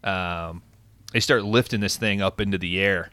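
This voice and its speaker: A man with a fairly low but bright, forceful voice, chatting casually and swearing freely as he recaps a film. The sound is dry and close, and his delivery is loose, with plenty of "uh" and "like.". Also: moderate pace, dry recording. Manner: laid-back, swears often, frequent fillers. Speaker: podcast host recapping a film. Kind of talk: casual profane chat.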